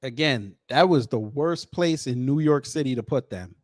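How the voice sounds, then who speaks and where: A man hosting a reaction commentary channel, talking in an animated, sardonic, conversational way. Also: mid-range voice, normal speed, dry recording, studio quality.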